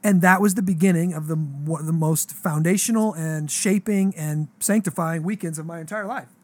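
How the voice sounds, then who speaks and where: A pastor in his thirties telling a story in casual chat, animated and slangy, acting out the voices in his dialogue. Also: high-pitched, no room sound.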